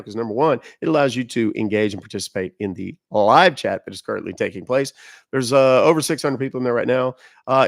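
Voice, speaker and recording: A man from the United States runs a live stream, chatting casually with viewers and warning them in a blunt, emphatic way. He has a mid-range voice, and the studio-quality recording has no room sound.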